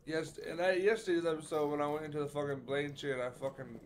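A man's voice: a little high, little pitch movement, fast talker, slight background noise. A young man giving let's play commentary on a horror game, talking jittery and profane as he thinks aloud to his chat. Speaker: gaming streamer.

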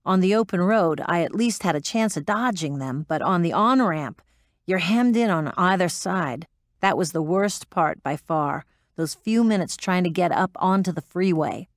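A woman voicing a hardened former military pilot, blunt and profane, defensive when pressed. Her voice sits low for a woman, recorded dry and close for an audiobook drama. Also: animated, normal speed, no room sound, lightly acted. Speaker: interviewee.

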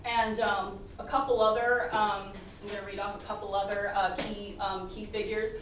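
A woman's voice: mid-range voice, little pitch movement, normal speed, fairly bright tone. Echoey, distant woman presenting history. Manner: chatty, laughs often, many fillers and restarts. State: losing her voice. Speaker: podcast host and presenter. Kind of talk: live presentation talk. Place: historic house presentation room. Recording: very echoey room, distant mic, faint noise.

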